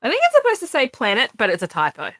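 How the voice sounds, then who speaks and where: A woman's voice: on the high side, huge pitch swings, racing, sharp tone, no room sound, rough recording. A woman chatting casually as a craft vlogger at home, laughing easily and teasing. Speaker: craft vlogger showing a haul. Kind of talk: casual chat.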